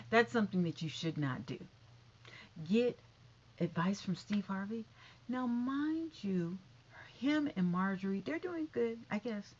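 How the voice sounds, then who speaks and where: Chatty, catty woman with lively pitch. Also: measured pace, muffled recording. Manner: chatty, catty, with asides and repeated no's. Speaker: gossip vlogger. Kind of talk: casual celebrity gossip commentary.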